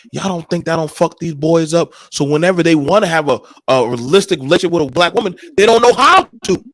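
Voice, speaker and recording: A man telling stories on a podcast, emphatic and animated, with plenty of profanity. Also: on the high side, quick pace, few pauses, no echo. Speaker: podcast co-host. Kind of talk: casual podcast discussion.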